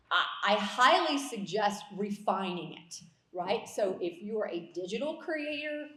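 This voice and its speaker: A woman from South Carolina with a Southern accent, hosting a festival panel in a lively, emphatic way that keeps checking in with the audience. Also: medium pitch. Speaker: panel host. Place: festival venue. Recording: roomy hall sound.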